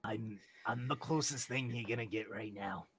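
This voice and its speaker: A man voicing a gentle male spirit guide who stammers and apologizes, in a game narrated at the table. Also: on the low side, moderate pace, slight background noise, voice pushed down. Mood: apologetic. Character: gentle male guide in a loved one's form.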